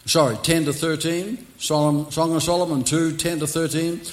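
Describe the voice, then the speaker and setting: A man's voice: a little high, level tone, moderate pace, hardly any pauses. Impassioned male pastor preaching. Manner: impassioned preaching with sudden swings between loud and soft. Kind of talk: sermon. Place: church service.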